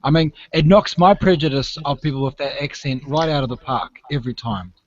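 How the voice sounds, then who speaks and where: A man from New Zealand speaks in a slightly high voice, pausing and restarting as he weighs his words. His voice comes over a dull, lo-fi video call. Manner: thoughtful, hesitant, many fillers. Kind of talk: casual group video chat.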